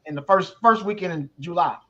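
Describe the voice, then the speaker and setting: A man's voice: high voice, fairly quick, bright, forceful tone. A man co-hosting a casual sports radio show, hyping the sponsor and chuckling along with his co-host. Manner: laid-back, eager hype, chuckles, fills in names. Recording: dull lo-fi sound.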